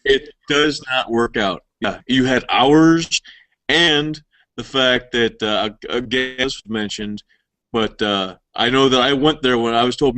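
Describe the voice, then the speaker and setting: A man's voice: medium pitch, measured pace, no room sound, poor audio. A man chatting casually, rambling a little and joking crudely. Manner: relaxed, rambling with fillers, crude jokes. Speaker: podcast co-host. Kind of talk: casual chat.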